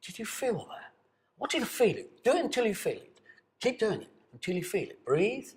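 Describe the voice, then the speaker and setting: An older man working as a voice coach, seated and leading a guided voice exercise to camera. He coaxes the listener along and swings between soft, hushed asides and bold, sustained tones. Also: high-pitched, very animated, moderate pace. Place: seated indoors.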